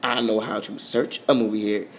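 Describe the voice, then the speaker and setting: A man's voice: on the low side, level tone, normal speed, a little hiss or hum. A young man, rambling goofily in an overtired late-night vlog, his voice swooping up and down. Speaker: vlogger. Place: at home, filming on a phone.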